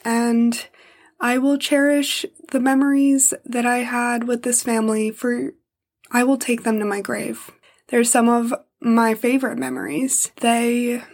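Emotional young mother, voice near tears. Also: fairly high pitch. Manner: emotional, pausing to hold back tears. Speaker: podcast host. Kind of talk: personal podcast monologue.

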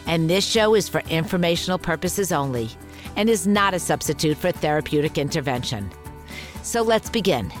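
A woman hosting a parenting podcast, coaching a mother in a calm, affirming, gently guiding way. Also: on the low side, normal speed, faint music behind.

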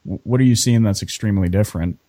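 A man's voice: on the low side, fast talker, warm tone. A Canadian man with a Canadian accent hosting a casual interview, playful and joking. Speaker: podcast host.

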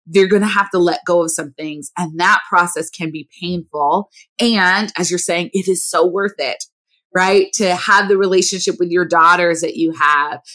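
Woman, lowish voice, podcast host, reflective, affirming. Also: a bit bright. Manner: affirming, reflective, frequent murmured agreement. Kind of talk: conversational interview.

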